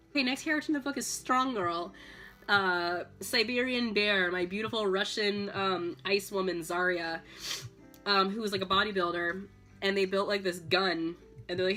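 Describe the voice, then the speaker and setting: A slightly tipsy woman chatting casually, rambling with lots of "like" and "um" and breaking into loud excited squeals. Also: mid-range voice, moderate pace, soft background music. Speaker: vlogger. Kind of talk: casual tipsy chat about a video game.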